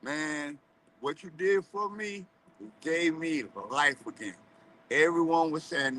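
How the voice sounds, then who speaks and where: A man's voice: on the high side, takes it slowly, pushed and bright, slight background noise, low-quality recording. A man speaking earnestly and emphatically as a guest on a livestream.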